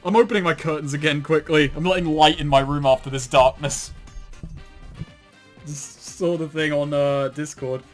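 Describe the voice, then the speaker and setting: A man's voice: fairly high pitch, steady tone, moderate pace, faint music behind. A man co-hosting a casual commentary show, reading aloud and mocking it with sardonic asides, frequent swearing and laughter. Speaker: commentary co-host.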